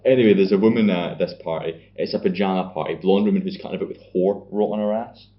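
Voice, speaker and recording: Scottish lad on a podcast, real low voice, kinda muffled lo-fi sound, sweary banter. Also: male voice, fast. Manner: banterous, swearing, acts out scenes in put-on voices. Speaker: podcast co-host. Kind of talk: casual chat. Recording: dull lo-fi sound.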